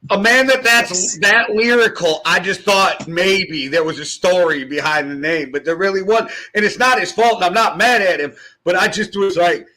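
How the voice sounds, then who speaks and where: A man co-hosting a music podcast in relaxed, playful conversation. His voice is bright and edged, and it sits fairly high. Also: normal speed, few pauses. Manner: storytelling, playful. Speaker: podcast co-host. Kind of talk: casual music chat.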